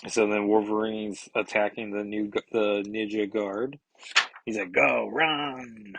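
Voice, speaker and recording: Husky, rambling comic reviewer, a man. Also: lowish voice, completely flat delivery, a little slow, no echo, low-quality recording. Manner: rambling, chatty, self-correcting asides. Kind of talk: casual comic review, reading aloud.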